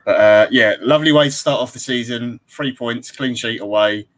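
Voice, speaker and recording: A man co-hosting a casual football podcast, easygoing and measured. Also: mid-range voice, fairly bright tone, low-quality recording. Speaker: podcast co-host.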